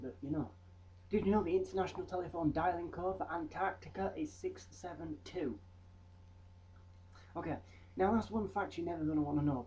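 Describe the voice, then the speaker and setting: A man's voice: a little high, mellow, muffled recording. A young man presenting trivia in a rambling, jokey vlog with mock-voice asides. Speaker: vlogger. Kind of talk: comedic fact vlog.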